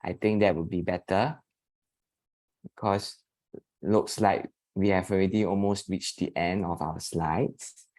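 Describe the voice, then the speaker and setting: A man leads an online English class over a video call, speaking slowly and patiently. His voice sits fairly low, and he stretches out vowel sounds to demonstrate them. The recording is dry, with no room echo. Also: steady tone, darkish tone. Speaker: English teacher. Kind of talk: online spoken English lesson.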